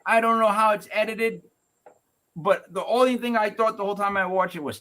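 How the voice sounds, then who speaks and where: A man's voice: high voice, moderate pace. A man hosting a podcast, ranting animatedly and acting out the people he quotes. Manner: animated, ranting, acts out quotes in shifting voices. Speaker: podcast host. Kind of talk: casual podcast rant.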